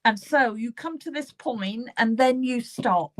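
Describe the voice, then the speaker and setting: A woman's voice: a little high, measured pace. A woman medium with a British accent, giving live card readings in a reassuring, repetitive way, often repeating the client's name. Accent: British English. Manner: warm, reassuring, repeats names and phrases while drawing cards.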